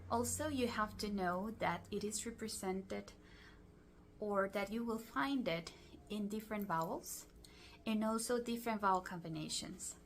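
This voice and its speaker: A woman with a Latin American Spanish accent, a native Spanish speaker, explaining English phonetics in a recorded lesson with careful, measured delivery. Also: mid-range voice, fairly bright tone, a little hiss or hum.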